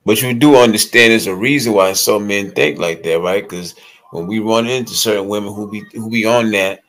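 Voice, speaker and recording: A man chatting casually in an online group talk, slow and laid-back. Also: lowish voice, fairly bright tone, rough recording.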